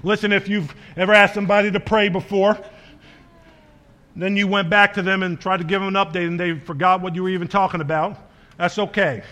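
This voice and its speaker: A man's voice: sits high, fairly even intonation, brisk, pushed and bright. A man preaching a sermon as pastor, speaking earnestly and directly to his congregation and quoting scripture with small verbal slips.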